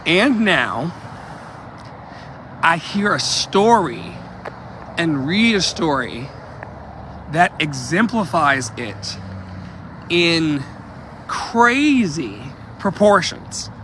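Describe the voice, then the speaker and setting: An activist vlogger walks outdoors in an impassioned street vlog, talking emphatically, repeating himself, and making asides to his viewers. His voice is a little high with a fairly bright tone, very animated yet very slow, with frequent pauses and slight background noise.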